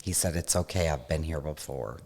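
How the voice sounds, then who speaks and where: A man hosting a casual talk, relaxed as he tells a story. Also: very deep voice, fairly quick. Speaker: podcast host. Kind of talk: casual conversation, joke telling.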